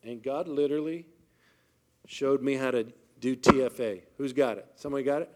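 A man gives a faith-based motivational talk to a live audience, with a medium-pitched voice. He speaks emphatically, often asks the room questions, and builds his points slowly and deliberately. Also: darkish tone.

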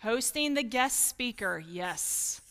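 A woman from Kentucky speaks with a light Kentucky accent in a fairly high voice. She is a pastor's wife giving a candid teaching talk to a group of women. She talks earnestly and openly and adds small self-deprecating jokes. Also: animated, slow, sharp tone. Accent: Kentucky with some Northern mix.

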